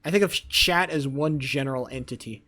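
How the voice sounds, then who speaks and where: A man's voice: medium pitch, moderate pace. A man livestreaming, telling a rambling story and teasing his chat. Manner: animated, profane, rambling storytelling.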